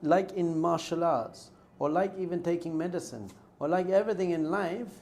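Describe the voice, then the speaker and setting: This man is a rabbi teaching a casual class, weaving in stories and performing snippets of dialogue. His somewhat high voice is a little mellow, he talks at normal speed, and there's a slight hiss or hum on the recording.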